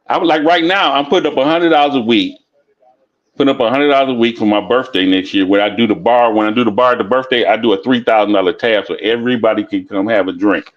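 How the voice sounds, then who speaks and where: A man's voice: medium pitch, fast talker. A man talking casually and bluntly, swearing often and repeating himself as he tells a story. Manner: blunt, profane, repeats himself while telling stories. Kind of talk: casual chat. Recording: dull lo-fi sound.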